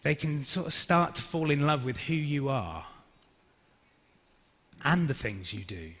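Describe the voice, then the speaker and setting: A man in his thirties, an actor leading an energetic interactive business workshop and directing the audience. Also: a little high, measured pace, breathy edge. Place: large conference hall. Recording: reverberant hall.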